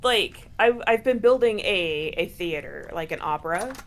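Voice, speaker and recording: A woman's voice: mid-range voice, expressive, moderate pace, a little hiss or hum. Woman, a bit tipsy, casual stream chat, loose and swearing, mid-range voice. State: a little tipsy.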